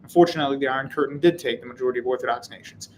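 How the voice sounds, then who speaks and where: A man's voice: mid-range voice, rapid-fire, slight background noise, poor audio. A man hosting a live stream, reading chat comments and answering in a casual, wry, rambling way. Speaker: channel host.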